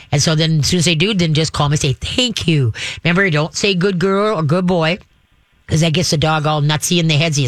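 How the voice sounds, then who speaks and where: Animated male dog trainer on radio. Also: dry recording, clean studio sound. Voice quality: says he has a deep voice. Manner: animated, acts out dog and owner voices. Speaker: dog trainer hosting a call-in radio show. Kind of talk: call-in advice talk.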